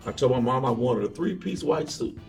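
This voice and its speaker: A man guesting as an evangelist on an interview, with a gravelly, fry-edged voice, telling stories from his life. He sits back from the microphone in an echoey room. Soft music plays faintly underneath. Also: medium pitch, a little fast, recorded from a distance. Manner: relaxed storyteller, acts out quoted voices. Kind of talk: casual interview storytelling.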